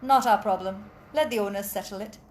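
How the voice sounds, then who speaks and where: A woman's voice: medium pitch, fairly quick, roomy sound, pitched below the performer's own voice, natural voice. A woman storyteller voicing an offhand king who brushes off every warning. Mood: dismissive. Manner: dismissive, offhand. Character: lazy dismissive male king.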